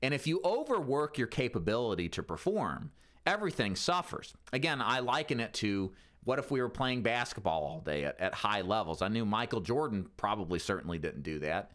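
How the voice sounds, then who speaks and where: A middle-aged man coaching insurance agents on phone selling, in a lively instructional talk. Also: lowish voice, a little fast. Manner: lively, coaching delivery with varied intonation. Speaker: insurance sales trainer.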